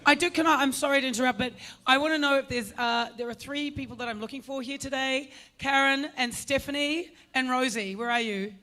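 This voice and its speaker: A woman on a convention panel, talking loudly and swearing casually. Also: high-pitched, a little fast. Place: convention hall with audience.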